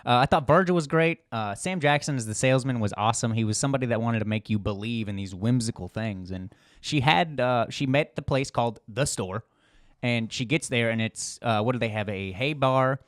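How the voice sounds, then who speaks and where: A man co-hosting a podcast in casual chat, animated and sarcastic, laughing often. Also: medium pitch, brisk, dry recording, clean studio sound. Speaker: podcast co-host.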